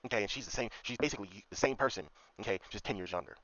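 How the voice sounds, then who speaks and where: Talking very fast in a lowish, fairly bright voice, the commentary vlogger rants profanely and repetitively, constantly tacking on "okay?" There's no echo; the recording is dry, dull, and lo-fi.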